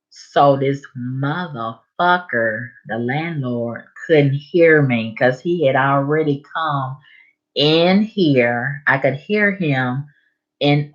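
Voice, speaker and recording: Slow, emphatic woman telling a story. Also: very deep voice. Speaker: vlogger. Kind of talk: casual storytelling vlog. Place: bedroom at home. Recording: dull lo-fi sound.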